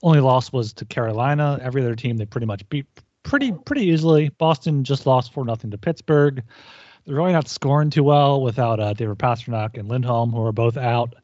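A man co-hosting a betting podcast, laying out recent results in a measured way. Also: medium pitch, darkish tone, no room sound. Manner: measured, fact-listing. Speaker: podcast co-host. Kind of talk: casual sports analysis. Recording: dry, dull lo-fi sound.

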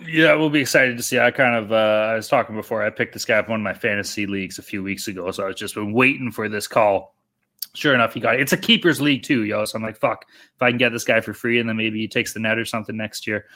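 Male podcast co-host, excitable and profane, bright and forceful tone. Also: lowish voice, fast talker. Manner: excitable, swears a lot, says dude. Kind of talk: casual sports betting podcast chat.

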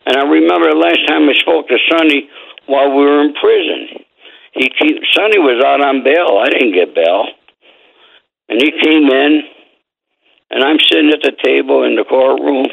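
A man's voice: a little high, gravelly. An older man telling blunt, streetwise stories as a guest on an interview show, swearing freely. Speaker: guest, former mob associate and author. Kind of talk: storytelling interview. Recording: phone line.

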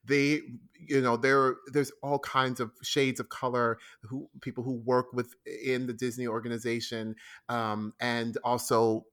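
Man, interview guest, enthusiastic, rambling, restarts often, mid pitch. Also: level tone, unhurried, a bit bright, clean tone. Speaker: guest, stage actor. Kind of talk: casual interview chat.

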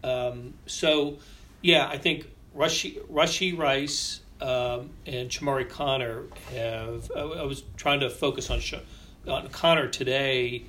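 A man co-hosting a sports podcast, talking casually and haltingly, repeating words while he searches for the right phrasing. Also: mid-range voice, bright, forceful tone. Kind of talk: casual sports analysis chat.

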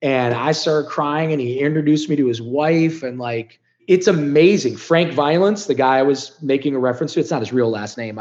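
A middle-aged man, a podcast guest, telling his story candidly and bluntly, with lots of swearing and big swings between loud and soft. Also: fairly high pitch, dull audio. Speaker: podcast guest, business founder.

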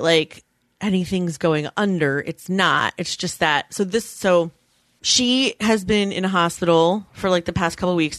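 A woman's voice: low-pitched, fairly bright tone, dry recording. A woman in her thirties hosting a podcast, talking candidly and chattily, self-deprecating and acting out quoted lines. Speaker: podcast host. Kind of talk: casual chat.

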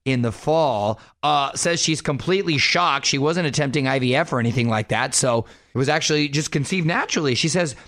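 A middle-aged man from Southern California hosting an entertainment radio show, talking loudly with lots of energy in a studio. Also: mid-range voice, brisk, hardly any pauses, no room sound. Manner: loud, energetic, self-described shouter. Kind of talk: upbeat entertainment radio chat. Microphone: studio microphone.

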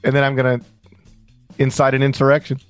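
A man's voice: medium pitch, completely flat delivery, fairly quick, dry recording, faint music behind. Joking man on a dry mic. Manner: joking, rambling, reads lines like an announcer. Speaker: podcast co-host. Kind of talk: casual sports podcast chat.

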